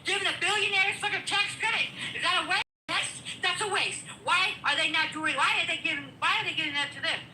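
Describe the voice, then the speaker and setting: A woman's voice: very high-pitched, quick pace, few pauses, sharp tone, a little hiss or hum. A middle-aged woman arguing politics heatedly, swearing and talking over the other person. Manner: angry, profane, emphatic, talks over the other speaker. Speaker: guest in a political debate. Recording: echoey room.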